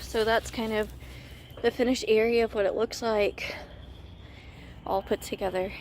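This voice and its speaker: A woman's voice: fairly high pitch, fairly even intonation, unhurried, darkish tone, a little hiss or hum. A woman chatting casually through a garden vlog outdoors, a little out of breath, correcting herself as she goes. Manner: chatty, self-correcting, friendly. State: slightly out of breath. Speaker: gardening vlogger.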